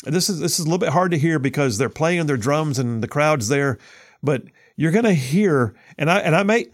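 A man's voice: fairly high pitch, expressive, fairly quick. A male talk radio host, giving sarcastic, mocking commentary and laughing often.

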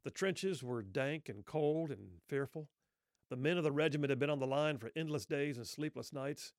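Earnest man telling a story, gravelly voice. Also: a little high, dry recording, studio quality. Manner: earnest, with rhetorical questions and pauses. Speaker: speaker telling a Christmas story. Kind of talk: reflective spoken storytelling.

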